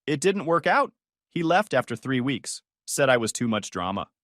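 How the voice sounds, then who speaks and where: A man's voice: mid-range voice, sing-song, moderate pace, fairly bright tone, no room sound, clean studio sound. Desperate pleading young woman, read by a man. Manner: pleading, tearful.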